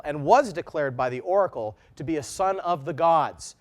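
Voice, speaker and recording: A middle-aged man delivers a history lesson with a slightly raised pitch. He speaks in an earnest, measured way and leans on repeated phrases for emphasis. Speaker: teacher.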